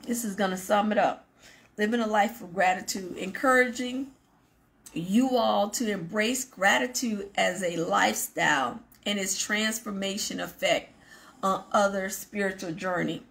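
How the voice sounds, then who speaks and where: This ministry show host has a creaky, mid-range voice, and the recording carries a little hiss or hum. Earnest in tone, she delivers a devotional talk to her viewers, driving points home through repetition and turning aside to address the audience.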